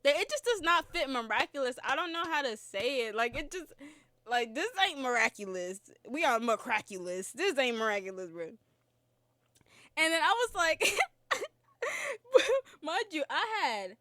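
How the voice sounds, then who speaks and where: High, lively, giggly young woman podcaster. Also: measured pace, pauses often, no room sound, clean studio sound. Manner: rambling, giggly, sidetracked. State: slightly sore throat. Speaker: podcast host. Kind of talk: casual film review chat.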